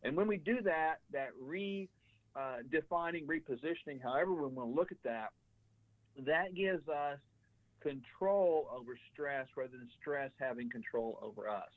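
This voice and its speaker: A man's voice: a little high, normal speed, dry recording. A man appearing as a radio show guest, explaining his points in an emphatic coaching manner. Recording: tinny phone line.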